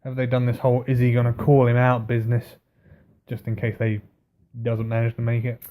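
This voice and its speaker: A man's voice: mid-range voice, monotone, fairly quick, phone-quality sound. A man co-hosting a wrestling recap, chatty and joking, asking questions and guessing at storylines. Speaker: podcast co-host. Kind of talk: casual wrestling recap chat.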